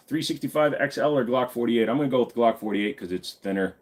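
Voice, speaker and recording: A man's voice: mid-range voice, lively intonation, quick pace, a little mellow. A man in his forties hosting a live stream Q&A. He talks bluntly and casually and swears freely. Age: 40s.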